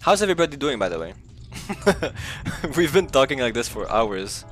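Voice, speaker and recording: A man's voice: medium pitch, big pitch swings, moderate pace, a bit bright, soft background music. A man streaming a video game, chatting loosely with his viewers and swearing freely as he rambles. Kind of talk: casual live-stream chat while gaming.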